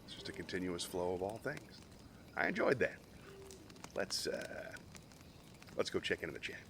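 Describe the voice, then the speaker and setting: A man's voice: low-pitched, moderate pace, a little hiss or hum. Chill guy hosting a live stream, rambly with lots of uh's, voice moves around a lot. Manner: relaxed and rambling, frequent "uh" fillers. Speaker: host of a live stream show. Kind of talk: casual live stream chat.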